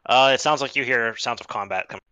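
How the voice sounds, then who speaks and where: A man acting as game master, narrating an online tabletop game in a lively way with quick restarts. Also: mid-range voice, clean tone, dry recording, poor audio.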